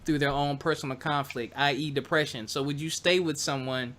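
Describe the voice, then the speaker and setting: A man's voice: a little high, steady tone, a little fast, a bit bright. A man hosting a casual group podcast, joking around and laughing in loose banter with his co-hosts. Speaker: podcast host.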